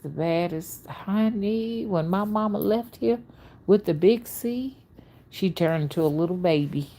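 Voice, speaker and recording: A woman hosting a casual livestream as a spiritual reader, with a soothing, melodic soft voice, greeting viewers by name and making folksy asides. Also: on the low side, unhurried. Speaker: spiritual reader and channel host.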